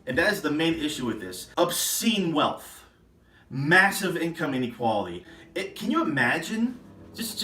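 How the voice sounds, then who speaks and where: A man's voice: medium pitch, sharp tone, echoey room, distant mic. A man ranting indignantly in a political vlog, sarcastic and getting worked up. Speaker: political vlogger. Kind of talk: ranting commentary.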